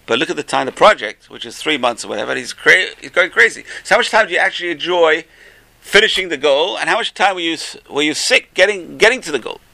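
A man teaching a religious class, telling stories with lively acted-out voices. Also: on the high side, fast, creaky, no echo. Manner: animated storytelling with acted-out voices. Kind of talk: Torah class talk.

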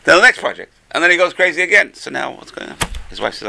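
A man leads a religious class and tells his stories with animated energy, acting out voices as he goes. His voice is gravelly with a sharp, bright edge. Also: fairly high pitch, quick pace, slight background noise. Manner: animated storytelling with acted-out voices. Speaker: teacher. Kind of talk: Torah class talk.

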